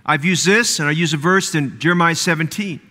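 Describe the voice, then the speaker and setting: A man's voice: fairly high pitch, brisk, sharp tone, in a large hall. A man preaching a sermon as pastor, building fervor and repeating phrases for emphasis. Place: church sanctuary.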